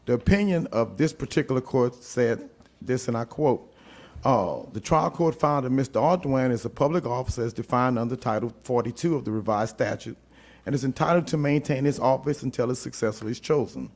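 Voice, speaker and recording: A man from Louisiana serving as city attorney, giving a formal legal presentation and reading court opinions aloud in a deliberate way with frequent fillers. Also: medium pitch, darkish tone. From St. Landry Parish, Louisiana.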